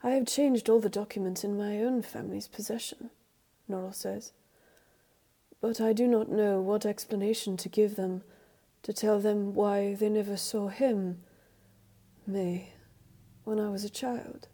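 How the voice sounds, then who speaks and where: Woman doing a nervous fretful gentleman, hesitant, slow mellow voice. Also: medium pitch, steady tone. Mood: halting. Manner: nervous and halting. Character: anxious fretful gentleman, easily cross.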